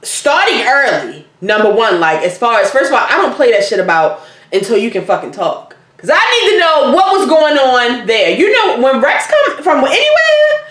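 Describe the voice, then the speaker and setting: Woman host, high voice, blunt and profane, recorded in a roomy space. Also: moderate pace. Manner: blunt, profane, animated storytelling. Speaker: podcast host. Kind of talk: casual chat. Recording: roomy echoey room.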